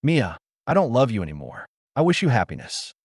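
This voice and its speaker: A man's voice: mid-range voice, huge pitch swings, fairly quick, dry recording, studio quality. Man reading as a weary, betrayed young man. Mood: strained.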